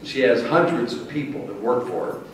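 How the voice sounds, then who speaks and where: A man's voice: medium pitch, expressive, brisk. A middle-aged man from Missouri, giving a folksy acceptance speech as a motivational speaker. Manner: folksy, warm storytelling with playful crowd asides. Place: large banquet hall. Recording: echoey hall, distant mic, faint hiss.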